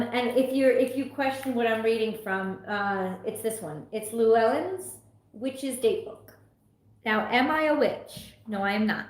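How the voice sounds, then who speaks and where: Tarot reader, young woman, venting on stream from home, fairly high voice, echoey room. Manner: frustrated, venting, swearing. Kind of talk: casual livestream talk.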